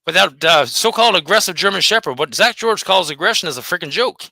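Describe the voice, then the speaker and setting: Fast, fired-up ranting man. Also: high-pitched, lively intonation, bright, forceful tone, no room sound. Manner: profane, combative, taunting. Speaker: host of a dog behavior channel. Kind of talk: angry solo rant.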